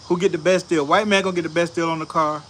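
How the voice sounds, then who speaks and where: A man with a high, bright voice tells stories on a back porch in a loose, animated way, laughing as he talks. Crickets and insects chirp faintly behind him. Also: fast talker, slight background noise. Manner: animated, laughing, slangy storytelling. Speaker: show host. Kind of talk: casual storytelling chat.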